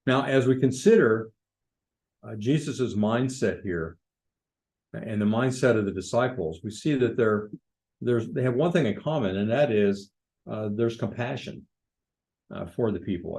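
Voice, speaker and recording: A man's voice: fairly low pitch, moderate pace, vocal fry, darkish tone, low-quality recording. Man teaching a casual Bible study. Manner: informal, with fillers and restarts, asks the group questions.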